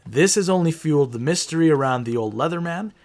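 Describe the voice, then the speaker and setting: A man's voice: a little high, expressive, quick pace, darkish tone. Casual male podcast co-host, swearing. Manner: reads from notes, then riffs with swearing and laughs. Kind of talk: casual chat and reading stories.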